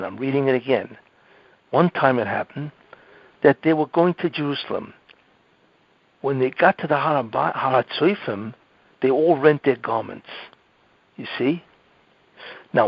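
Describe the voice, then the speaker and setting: A man's voice: medium pitch, vocal fry, breathy edge, no room sound. A man giving a Torah lecture as a rabbi, teaching through rhetorical questions and often asking "you see?". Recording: dull lo-fi audio.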